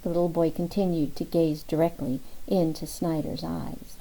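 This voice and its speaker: A woman reading a novel aloud in steady, even audiobook narration. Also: deep voice, normal speed, vocal fry, few pauses, rough recording. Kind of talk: scripted narration.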